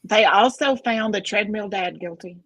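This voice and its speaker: A woman's voice: mid-range voice, normal speed, a bit bright, no echo, low-quality recording. A woman co-host speaking earnestly and emphatically in a casual chat.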